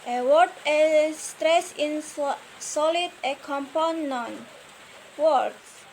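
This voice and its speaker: A woman's voice: sits high, slow, a little mellow, slight background noise, low-quality recording. A young woman whose first language is Indonesian, presenting a student lesson on word stress, hesitant, with many fillers and careful repeated words. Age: young adult.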